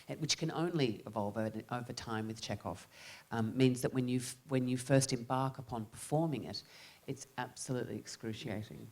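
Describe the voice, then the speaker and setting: A woman's voice: a bass voice, a little mellow. A woman actor answering panel questions in a reflective way, often restarting and repeating words.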